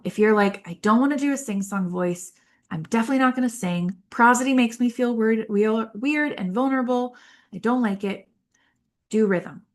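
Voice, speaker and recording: A woman's voice: medium pitch, creaky. A woman hosting an unscripted speech-therapy podcast, talking animatedly and demonstrating rhythmic speech. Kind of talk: unscripted solo podcast talk.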